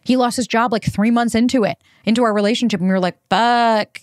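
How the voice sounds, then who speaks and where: A woman's voice: medium pitch, no echo, clean studio sound. A woman hosting a podcast, talking in a candid, conversational way in a casual monologue. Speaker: podcast host.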